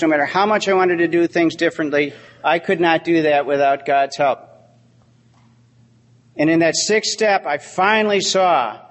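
A middle-aged man giving an AA talk, telling a story from his sobriety with heartfelt, dry humor. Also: high voice. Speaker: AA speaker. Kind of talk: recovery talk. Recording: long hall reverb.

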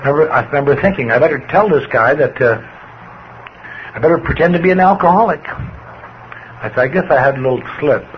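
A man's voice: a little high, brisk, long pauses. An older man giving a plainspoken personal testimony to a recovery group, his voice swinging with emotion as he tells his story. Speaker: recovery speaker. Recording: dull lo-fi recording with faint hiss.

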